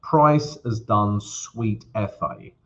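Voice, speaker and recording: A man's voice: on the low side, drawn-out words, highs cut off. A man hosting a live trading stream, chatting casually and greeting viewers by name with jokes. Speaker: forex trading livestream host. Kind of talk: casual livestream chat.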